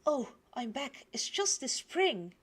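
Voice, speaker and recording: A woman reading out the gentle lines of a calm young male adventurer from a game. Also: high voice, slow, breathy edge, voice pushed up, exaggerated voice.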